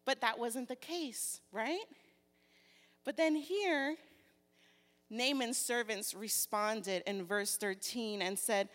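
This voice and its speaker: A woman preacher giving a sermon and reading scripture aloud, slow and deliberate, turning animated as she retells the story. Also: fairly high pitch. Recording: long reverb of a large hall.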